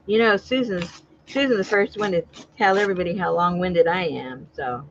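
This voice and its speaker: A woman's voice: lowish voice, normal speed, lo-fi sound, a little hiss or hum. A woman hosting a casual crafting chat, talkative and teasing, laughing often. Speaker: crafting channel host.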